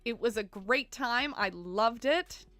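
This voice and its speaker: A Canadian woman from Ontario chats casually with livestream viewers, filling her talk with "like" and "um," giggling and apologizing along the way, and she keeps bumping her desk mic. Her voice is a little high and fairly bright, with lively intonation and a slow pace. There's no echo, just soft background music.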